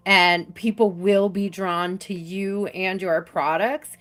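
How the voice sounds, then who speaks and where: Slow, soft-spoken woman reading tarot. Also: on the low side, steady tone. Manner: slow, soft and reassuring, with many fillers. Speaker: tarot reader. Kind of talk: live-stream tarot reading.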